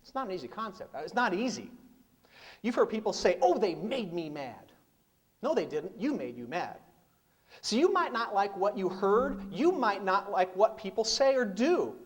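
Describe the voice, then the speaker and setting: Animated middle-aged man giving a seminar. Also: sits high, moderate pace. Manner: emphatic, rhetorical questions and repeated punchlines. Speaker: business speaker. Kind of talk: live seminar talk. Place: seminar room with audience.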